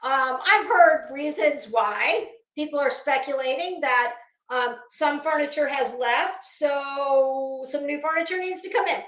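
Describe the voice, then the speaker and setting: A woman's voice: sits high, a little slow, a bit bright, echoey room. A woman hosting a casual livestream, talking straight to her chat in a chatty, opinionated way. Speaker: livestream commentary host. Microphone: phone.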